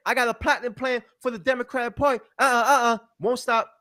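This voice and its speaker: A man with a fairly high voice tears into a rant, swearing freely and stressing his points hard. He mimics the people he criticizes in mocking quoted asides. His tone stays emphatic and combative throughout. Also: fairly even intonation, fairly quick, few pauses, pushed and bright. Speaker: commentator. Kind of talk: heated commentary rant.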